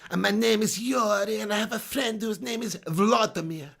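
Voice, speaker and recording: A man putting on a Russian accent as a boastful vodka drinker, slow and proclaiming. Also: sits high, steady tone, gravelly, fairly bright tone, exaggerated voice. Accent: attempted Russian.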